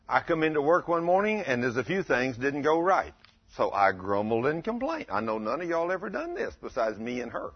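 A man preaches in a folksy storytelling manner, often turning to the congregation with questions. His voice is a bit husky and sits at an ordinary middle pitch. The recording sounds dull and lo-fi. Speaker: pastor. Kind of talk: sermon.

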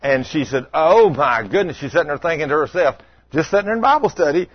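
A man's voice: fairly high pitch, expressive, fast talker, husky, dry recording. A middle-aged man preaching a sermon, telling stories in a folksy, conversational way and putting questions to the congregation. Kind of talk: sermon with storytelling. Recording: dull lo-fi sound.

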